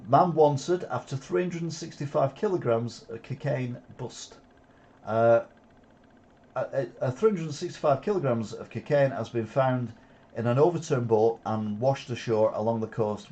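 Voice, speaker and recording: A man reads news headlines and adds sarcastic, opinionated comments, pausing often with "uh". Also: medium pitch, mellow. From England. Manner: sarcastic asides, frequent "uh" hesitations.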